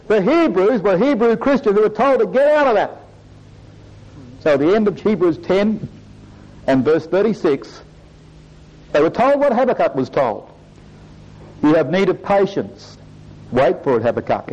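A high-voiced man preaching, his pitch swooping widely from low murmurs to lifted peaks. He delivers the sermon in a rhythmic preaching cadence. The recording is dull and lo-fi, with the top end muffled. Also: darkish tone. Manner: rising and falling preaching cadence, repeated "brothers and sisters".

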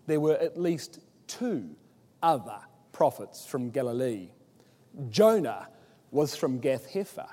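A man preaching an expository Bible sermon, emphatic, with rhetorical questions and animated scripture quotes. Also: on the high side. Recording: long hall reverb.

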